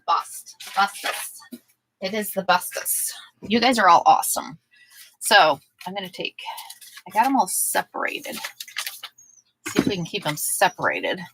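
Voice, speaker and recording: A woman's voice: fairly low pitch, noisy background. A woman hosting a casual sewing livestream, chatting with viewers by name and talking to her dog between steps.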